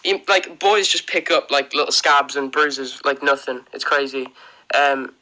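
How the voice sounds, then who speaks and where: A man's voice: medium pitch, unhurried, sharp tone, rough recording. An Irish man chatting casually on a livestream, rambling through viewer questions with plenty of ums and likes and frequent laughs. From Ireland. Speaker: livestream host.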